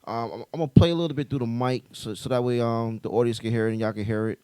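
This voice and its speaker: A man's voice: mid-range voice, steady tone, very fast, darkish tone, clear, resonant tone, no echo. A man hosting a casual podcast, laid-back and full of ums as he moves between topics. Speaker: podcast host.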